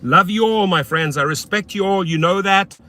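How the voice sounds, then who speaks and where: Speaking at normal speed, this man livestreams casually while working as a rideshare driver. He's blunt and swears often, shifting between loud hype and low mutters.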